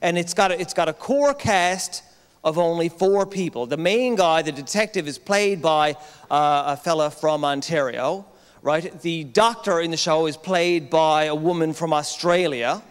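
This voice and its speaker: Male Newfoundland comic hosting live on stage, high-pitched, chatty, big hall echo. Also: a little slow, clean tone. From Newfoundland, Canada. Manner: chatty, keeps tagging lines with "right?". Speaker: comedian host of an awards show. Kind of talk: stand-up comedy monologue. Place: large armoury hall at a live event.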